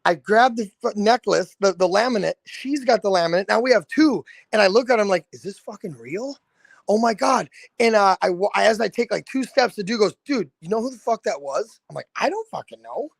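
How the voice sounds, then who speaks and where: A man in his thirties from the American Midwest, a guest telling a casual story, animated and swearing freely. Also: high-pitched, brisk, vocal fry, dry recording. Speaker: guest, lead singer.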